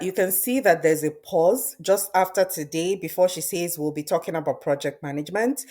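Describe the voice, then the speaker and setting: Low-voiced woman talking through a software demo. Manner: conversational, thinks aloud with fillers and restarts. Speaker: presenter demonstrating software. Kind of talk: screen-recorded tutorial.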